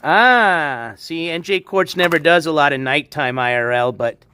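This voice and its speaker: High-voiced laid-back man streaming by a pool. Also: lively intonation, unhurried, pushed and bright, slight background noise. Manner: laid-back, rambling, chuckles often. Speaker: livestream host. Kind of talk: casual livestream chat. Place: outdoors by a backyard pool at night. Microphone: handheld phone.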